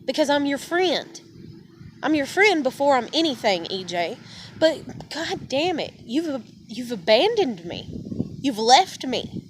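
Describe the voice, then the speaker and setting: A woman's voice: high voice, sing-song, takes it slowly, slight background noise. A woman venting in a heated, profane, rambling monologue. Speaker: vlogger.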